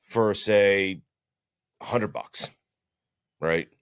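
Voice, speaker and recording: A man's voice: fairly low pitch, clean tone, no room sound, clean studio sound. A man co-hosting a podcast, speaking in an emphatic way and repeating words for stress. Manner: slow and emphatic, repeats himself. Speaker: podcast co-host. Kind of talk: casual chat.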